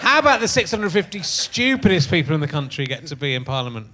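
Middle-aged guy hosting a comic chat show, a touch high, tells rambly self-deprecating stories. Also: big pitch swings, quick pace, pushed and bright. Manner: rambling, self-mocking anecdotes, frequent laughs. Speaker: podcast host.

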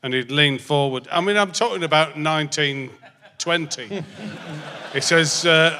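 Speaking slowly into a handheld microphone, a man with a sharp, slightly high voice wanders through an anecdote as a guest and loses track of it. The reverberant theatre hall and live audience come with a bit of hiss or hum.

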